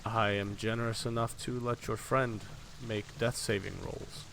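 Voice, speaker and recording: A man's voice: fairly low pitch, little pitch movement, moderate pace, creaky, a bit bright, a little hiss or hum. A man doing a coldly polite menacing stranger. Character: menacing powerful man who wants what he's owed.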